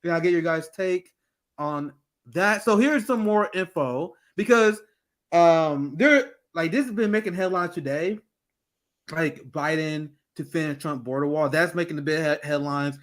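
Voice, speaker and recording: High-voiced, blunt man co-host. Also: unhurried. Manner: blunt, profane, riffing. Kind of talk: political commentary.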